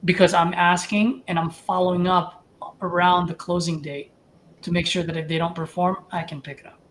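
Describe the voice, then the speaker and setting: A man coaching a trainee, animated and casual, talking through sales feedback. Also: sits high, normal speed, a little hiss or hum. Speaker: wholesaling coach and host.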